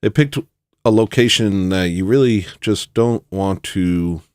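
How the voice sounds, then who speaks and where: A man hosting satirical commentary, rambling and joking with loud sudden bursts. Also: low-pitched, measured pace, clean tone, no room sound. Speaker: commentary host.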